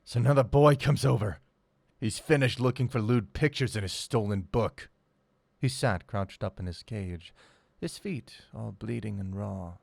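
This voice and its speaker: A man's voice: on the low side, measured pace, gravelly, darkish tone, no room sound. A man reading a first-person audiobook with wry, sardonic storytelling. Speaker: audiobook narrator.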